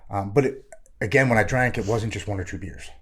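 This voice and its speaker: Deep-voiced man. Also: a little fast, fairly bright tone, breathy edge. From Maryland. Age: 40s. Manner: earnest, frank, plain-spoken. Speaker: guest sharing his recovery story. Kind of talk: candid personal storytelling.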